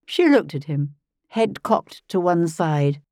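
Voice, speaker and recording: A woman narrating a first-person audiobook in a calm, measured storytelling manner, close to the mic. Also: fairly low pitch, no room sound.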